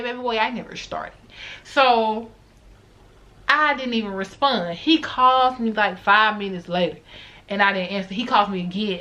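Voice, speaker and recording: A woman in her late twenties at a middle pitch tells a story straight to her viewers. She is blunt and animated, swears freely, and hammers her points home by saying them again. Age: late 20s. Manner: repeats lines for emphasis. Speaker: vlogger. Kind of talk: casual story time monologue.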